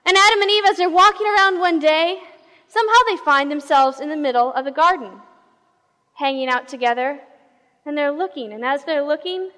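High-voiced woman pastor preaching. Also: brisk. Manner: animated storytelling, shifting pace and volume. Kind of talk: sermon. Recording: reverberant hall.

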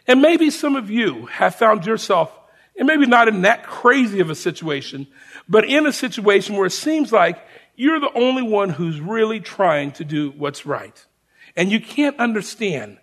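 A male preacher tells a personal story from the pulpit as an animated sermon. His voice sits high and swings widely in pitch. It has a bright, gravelly edge. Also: moderate pace. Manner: animated storyteller addressing a congregation.

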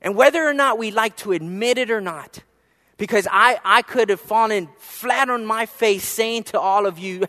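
Man, pastor, high voice, sermon, storytelling, soft asides, emphatic rises, echoing church hall. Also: moderate pace.

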